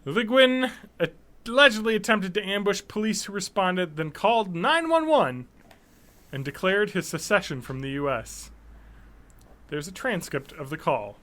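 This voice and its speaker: A man's voice: sits high, lively intonation, normal speed, sharp tone. A man co-hosting a casual podcast, reading out odd news stories with sardonic jokes. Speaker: podcast co-host.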